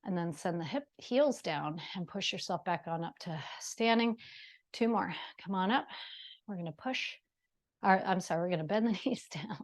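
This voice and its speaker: A woman's voice: on the low side, lively intonation, moderate pace. A woman leading a movement exercise class, chatty and encouraging, a little out of breath. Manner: chatty and encouraging, with self-deprecating asides. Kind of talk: guided exercise class instruction.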